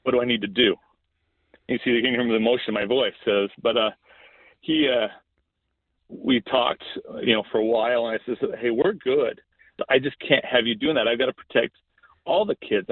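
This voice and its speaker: Speaking briskly in a medium pitch, a middle-aged school principal tells a story for a casual podcast interview. He comes across as earnest and keeps restarting phrases. There's no echo, though the line sounds thin and phone-like.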